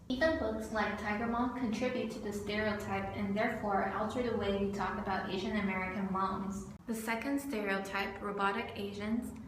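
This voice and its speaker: A young woman from California, a student narrating her video essay from a script, earnest and steady. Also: medium pitch. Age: young adult. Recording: roomy with faint background noise.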